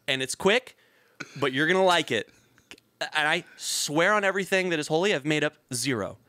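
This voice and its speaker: A man's voice: on the high side, a little fast, pushed and bright, no room sound. A man in his thirties, a podcast host, telling a story in casual chat, acting out voices and swearing freely. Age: 30s.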